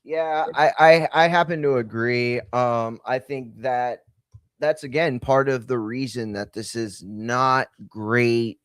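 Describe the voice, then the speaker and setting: A man's voice: mid-range voice, slow, smooth, no echo, studio quality. A man hosting a casual combat sports podcast, talking animatedly and joking, with many repeated words. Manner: animated, repeats himself, jokey. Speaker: podcast host.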